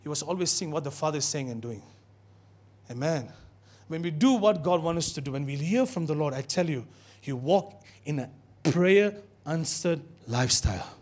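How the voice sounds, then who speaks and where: A man preaching a sermon in a church, animated and calling out to his congregation. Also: on the high side, moderate pace. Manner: animated, call-and-response with congregation.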